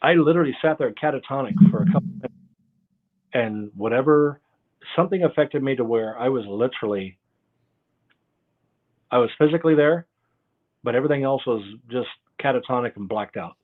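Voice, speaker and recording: A man's voice: mid-range voice, a little fast, pauses often. A man telling stories as an interview guest, rambling and often losing his train of thought, heard over a video call. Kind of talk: casual interview storytelling. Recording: tinny phone-like call audio.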